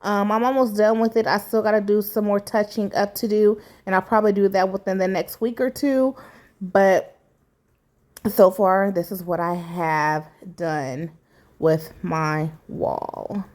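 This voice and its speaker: A woman's voice: medium pitch, steady tone, measured pace, a little mellow. A middle-aged woman talking candidly through a home repair in a chatty, casual vlog, with many fillers along the way. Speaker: vlogger. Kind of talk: casual DIY vlog narration.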